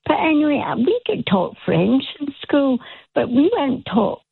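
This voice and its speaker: A woman with a Glasgow Scottish accent, calling in to a radio show and chatting with a gravelly, husky voice, laughing easily. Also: high-pitched, very animated, moderate pace, no room sound. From Scotland. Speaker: caller. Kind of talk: casual phone-in call. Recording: tinny phone line.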